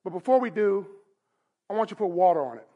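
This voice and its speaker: A preacher putting on an easygoing prophet who mocks his rivals in a relaxed, slangy drawl. The man's voice stays high for a male speaker as he takes his time, teasing and calm, acting the part out during a sermon. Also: lo-fi sound. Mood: calm, low. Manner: unhurried, teasing, casual slang. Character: laid-back, mocking male prophet.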